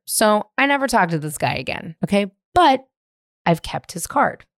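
Woman, 30s, solo podcast host, low-ish voice, dry close sound, swears freely, animated confessional rambling. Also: unhurried, clear, resonant tone, no echo. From San Francisco, USA. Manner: profane, animated, rambling with many "like" fillers. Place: at home in the living room.

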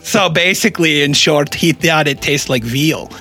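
A man's voice: a little high, normal speed, pushed and bright, faint music behind. A man co-hosting a casual comedy podcast, telling odd history stories with jokey asides. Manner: jokey storyteller, rambling asides. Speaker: podcast co-host.

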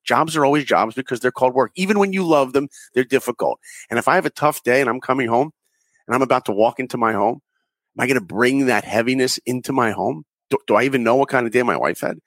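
A man's voice: mid-range voice, fast, fairly bright tone, dry recording. A man in his forties, a guest animator and director, talking earnestly in a podcast interview and telling stories with acted-out quotes. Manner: earnest storyteller, acts out quoted voices.

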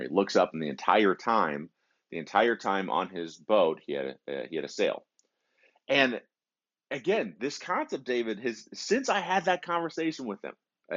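A man co-hosting a podcast, retelling a story in an animated way, often repeating words as he goes. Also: low-pitched, lo-fi sound. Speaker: podcast co-host. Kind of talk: casual conversation.

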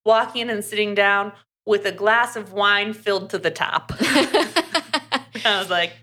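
Bright-voiced woman recapping a book. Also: mid-range voice. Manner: chatty, fast recap full of "like" and acted quotes. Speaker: podcast co-host.

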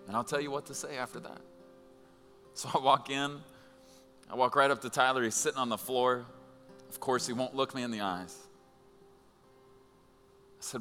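Bright-voiced male pastor telling a story. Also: mid-range voice, moderate pace, pauses often, big-room sound, soft background music. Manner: animated, acts out dialogue in the story. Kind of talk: storytelling sermon.

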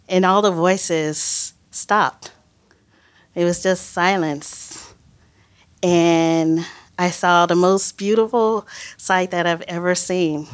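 Laughing woman telling a live story. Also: fairly low pitch. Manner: lively, laughing, animated retelling. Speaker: biologist telling a personal story. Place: stage before a live audience.

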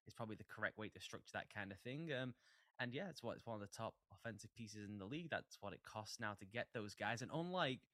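A man's voice: lowish voice, expressive, pushed and bright, no echo, clean studio sound. A man co-hosting a sports podcast, chatting casually and breaking down contracts analytically. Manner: quick, analytical. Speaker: podcast co-host. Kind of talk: casual chat.

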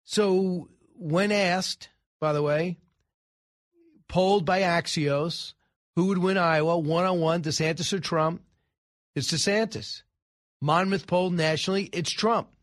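Opinionated male talk radio host, fairly high voice, dry studio sound, sarcastic and brisk. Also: no echo. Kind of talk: political talk radio commentary.

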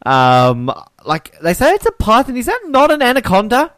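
A man's voice: extremely high pitch, moderate pace. A man co-hosting a casual podcast about a film, laughing often and slipping into silly voices. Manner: animated, laughing, jumps into silly put-on voices. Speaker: podcast co-host.

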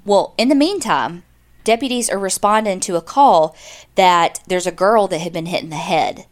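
A woman's voice: on the low side, animated, normal speed. A woman, casually telling a true-crime story as a podcast co-host, chatty and full of "like.". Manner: chatty, lots of "like", acts out quotes.

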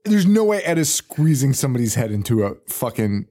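A man's voice: medium pitch, big pitch swings, fairly quick, warm tone. Man, podcast host, casual film recap, swears a lot, laughs often, bouncy delivery. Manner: profane, laughing, rambling recaps. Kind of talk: casual movie-recap chat.

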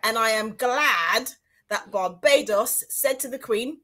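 A woman's voice: a little high, takes it slowly, sharp tone. A woman of Grenadian heritage co-hosting a podcast, playful and teasing in casual chat. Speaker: podcast co-host.

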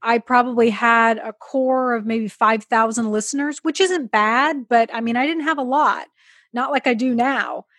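A woman's voice: fairly high pitch, normal speed, a bit bright, no echo, studio quality. A woman guest on a podcast, telling stories in a chatty way with many fillers. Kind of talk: casual chat.

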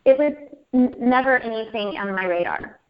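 Woman guest, higher voice, animated storyteller who repeats herself, dull lo-fi sound. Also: moderate pace. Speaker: interview guest. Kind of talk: emotional personal storytelling. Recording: muffled lo-fi audio.

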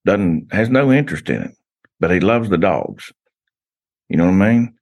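A man's voice: deep voice, big pitch swings, normal speed, darkish tone. A man, a guest on a casual podcast, telling stories in a rambling way with frequent restarts.

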